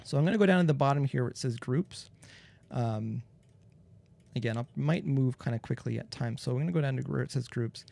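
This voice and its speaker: A man's voice: mid-range voice, a little fast, gravelly, darkish tone. A man hosting a live mixing tutorial, talking casually into a close studio microphone and explaining each step as he goes, with plenty of fillers. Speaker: mixing engineer host.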